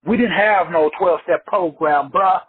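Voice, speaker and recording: Husky high-voiced man preaching over a call. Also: normal speed. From Texas. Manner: emphatic, repetitive, slangy and profane. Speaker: teacher leading an online call. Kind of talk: preachy motivational teaching. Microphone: online call. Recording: phone-like lo-fi audio.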